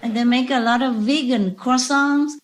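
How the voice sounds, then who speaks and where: A woman's voice: sits high, steady tone, normal speed. A woman speaking as a spiritual teacher in an informal talk over a video call, rambling and repeating words for emphasis.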